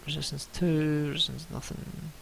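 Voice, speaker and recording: A man's voice: fairly high pitch, flat delivery, moderate pace, vocal fry, a little hiss or hum. A young man giving chatty, casual commentary as he plays a video game at home, muttering to himself as he goes. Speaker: let's play gamer. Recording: game music loud behind.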